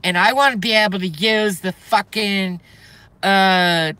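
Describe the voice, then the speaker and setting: A man's voice: sits high, fairly even intonation, a little slow, sharp tone, smooth, no room sound. A man voicing a whiny, limp-wristed liberal caricature with a lisp and a put-on Southern drawl, sneering and profane. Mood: mocking.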